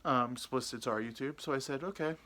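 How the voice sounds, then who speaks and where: Crude rambling young man, bright voice. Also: mid-range voice, normal speed. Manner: rambling, crude and self-mocking, full of ums and uhs. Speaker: podcast host. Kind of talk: casual storytelling.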